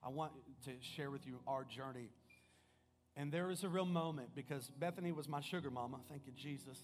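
A man preaching a sermon as pastor, telling a personal story in an earnest manner, swinging between loud and hushed. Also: medium pitch, a little fast. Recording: music playing behind the voice.

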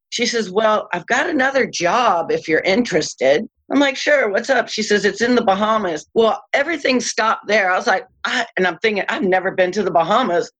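An older woman telling a personal story as an interview guest, acting out the dialogue with lively jumps in her voice. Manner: animated, acts out quoted dialogue with sudden pitch jumps and laughs. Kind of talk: casual anecdotal storytelling.

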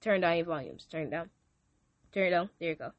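A woman's voice: fairly low pitch, expressive, fast, no room sound, dull audio. A woman, hosting a podcast and speaking emotionally and devoutly to her listeners, repeating herself often. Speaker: podcast host. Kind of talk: casual thank-you message to listeners.

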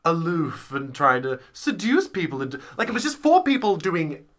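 A man chatting casually on a podcast about theatre shows, rambling and animated, slipping into quick silly voices. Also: a little high. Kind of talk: casual chat.

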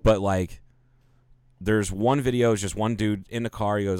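A man with a low voice chats casually, telling stories in a lively, profane way. The sound is dry and close. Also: normal speed, clear, resonant tone, no room sound. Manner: profane, animated storyteller. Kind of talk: casual chat.

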